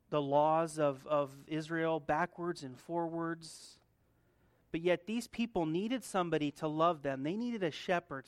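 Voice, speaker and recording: A man preaching a sermon in a relaxed, conversational manner. He drops to quiet asides, then builds to loud, emphatic repeated points. The sound is close and dry, with no room around it. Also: a little high, clean tone, dry recording. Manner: conversational, swings between soft asides and loud emphatic build-ups, laughs often. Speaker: pastor.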